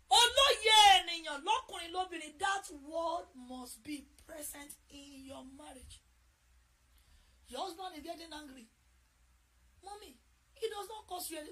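A middle-aged woman with a Nigerian accent preaching a sermon, repeating key phrases and shouting them for emphasis. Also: very high-pitched, animated, normal speed.

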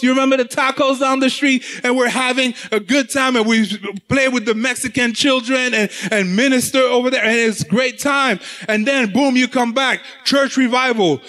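High, bright-voiced impassioned male preacher. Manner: impassioned, sing-song preaching with many repeated words. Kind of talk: sermon.

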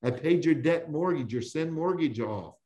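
A man voicing a loving male divine voice that pleads tenderly, soft and quiet at the close. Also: on the high side, expressive, moderate pace, close to an everyday voice. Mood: tender pleading.

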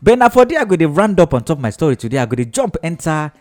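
A man's voice: fairly high pitch, sing-song, fast. A man with a Nigerian Pidgin accent hosting a chatty, mocking entertainment news segment on the radio. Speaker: radio show host. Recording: loud music bed behind voice.

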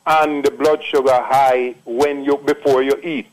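A man's voice: medium pitch, little pitch movement, a little slow, low-quality recording. A man in his late sixties with a Jamaican accent, calling in to tell a long, repetitive, emphatic story. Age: 60s. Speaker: caller. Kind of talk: casual phone testimony.

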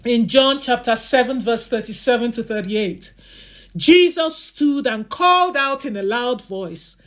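A woman's voice: on the high side, animated. A woman preacher leading a congregation in prayer, repeating and drawing out her prayer phrases. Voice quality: drawn-out, repetitive prayer phrases. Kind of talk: sermon and led prayer.

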